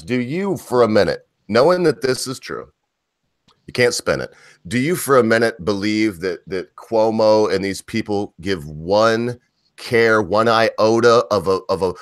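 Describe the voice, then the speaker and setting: A man with a low voice, talking in a rambling, animated way and stopping himself mid-thought. His voice sounds dry and close, with no room echo. He co-hosts a casual chat. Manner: rambling, animated, self-interrupting. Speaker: co-host.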